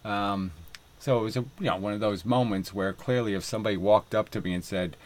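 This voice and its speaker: A man with a fairly low voice, steady tone, and brisk pace vlogs outdoors by the water on a windy day, picked up by a camera mic. His monologue rambles and is profane, full of fillers and laughing asides.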